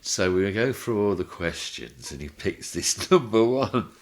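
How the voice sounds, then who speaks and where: A man on a podcast telling animated showbiz stories, laughing as he acts out the people in them. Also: lowish voice, measured pace. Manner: animated, laughing storyteller acting out voices. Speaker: guest telling anecdotes. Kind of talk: podcast interview storytelling.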